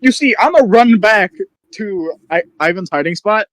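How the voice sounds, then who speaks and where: A man takes his turns as a player in a tabletop game. His voice is somewhat high and recorded dry and close, and he talks in a casual, hesitant way with fillers. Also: animated, normal speed, a bit bright, dry recording.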